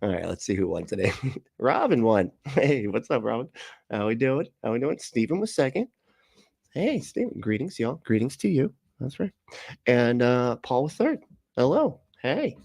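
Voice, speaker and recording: A man's voice: medium pitch, very animated, moderate pace, creaky, a little mellow, breathy edge, no room sound, clean studio sound. A man hosting a casual reaction livestream, laughing often, greeting chat viewers and making sarcastic remarks. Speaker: livestream host reacting to a video.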